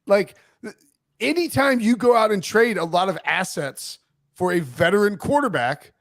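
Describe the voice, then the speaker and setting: A man's voice: high-pitched, animated, moderate pace, fairly bright tone, no echo, clean studio sound. A man co-hosting a sports podcast, rambling and teasing as he talks through football takes. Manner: rambling, self-correcting, teasing. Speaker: podcast co-host. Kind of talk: casual sports chat.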